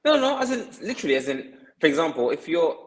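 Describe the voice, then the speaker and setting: A man's voice: fairly high pitch, very animated, quick pace, low-quality recording. A man who is a guest on a podcast, explaining earnestly and often restarting and repeating words as he works through his point.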